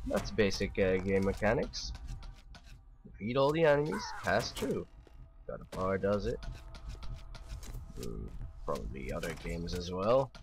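A man's voice: sits low, sing-song, unhurried, long pauses. A man casually commentating a video game playthrough, joking and talking back to the characters. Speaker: gamer commentating his playthrough. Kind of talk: casual let's play commentary.

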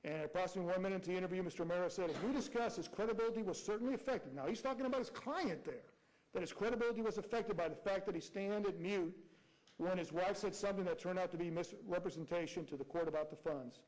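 A man's voice: sits high, fast talker, darkish tone, rough recording. A man arguing as prosecutor before a judge, reading out quotes and pressing rhetorical questions. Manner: reads quotes aloud. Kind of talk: courtroom argument.

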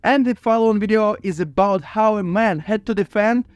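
A man's voice: high voice, normal speed, dry recording, dull audio. A man narrating and commenting between video clips in a plain, matter-of-fact way. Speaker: channel host.

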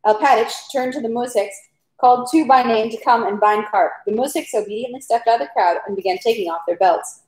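A woman reading a novel aloud at home, steady with occasional stumbles over words. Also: fairly high pitch, fairly quick. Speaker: reader. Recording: roomy echo.

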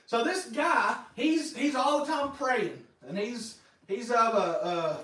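High-voiced pastor preaching in an echoey hall. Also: male voice, takes it slowly, far from the mic. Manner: lively, animated storytelling with acted-out quotes. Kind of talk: sermon.

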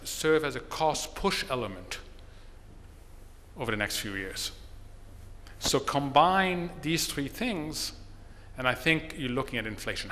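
Measured seminar speaker, bright tone, hall reverb. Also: male voice, mid-range voice. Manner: measured, explanatory, tells a joke. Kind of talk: seminar talk. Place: conference hall.

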